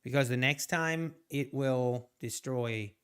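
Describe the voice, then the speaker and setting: A man talks casually through a live trading session, his voice smooth and clean. He rambles in loose, chatty stretches and answers viewers' messages between thoughts. His pitch sits in an ordinary middle range. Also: slow, a bit bright. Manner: rambling, chatty, reads chat aloud. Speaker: trading streamer. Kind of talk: casual live-stream commentary.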